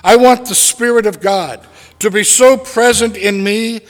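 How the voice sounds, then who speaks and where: A man preaching a sermon as a pastor, slow and deliberate with dramatic pauses. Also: sits high, in a large hall.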